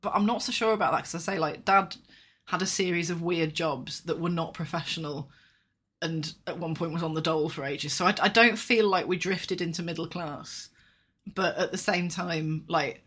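A woman's voice: on the low side, moderate pace, fairly bright tone, slightly rough. A woman co-hosting a casual podcast chat, with a light Yorkshire accent, rambling with lots of fillers. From England, Yorkshire. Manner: chatty, rambling, frequent fillers and laughs. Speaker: podcast co-host.

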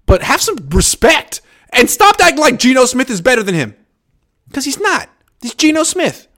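A man hosting a casual live sports chat, reading viewer comments and giving sarcastic, animated takes. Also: moderate pace. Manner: animated, sarcastic, jumps up in pitch for emphasis.

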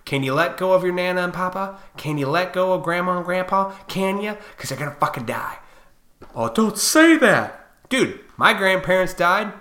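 A man's voice: high-pitched, a little fast, few pauses, pushed and bright. A man in his forties delivering a profane, combative ranting monologue as a vlogger. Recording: echoey room.

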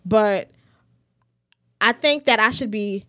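A woman co-hosting a podcast in casual chat, animated and profane, laughing often. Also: medium pitch, slow pace, no echo. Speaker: podcast co-host.

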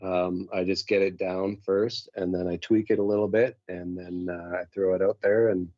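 A man's voice: sits low, flat delivery, normal speed, no echo. A male musician guest chatting casually over a call, rambling and self-deprecating in a laid-back way. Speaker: musician guest, band singer. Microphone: call audio. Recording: dull lo-fi call audio.

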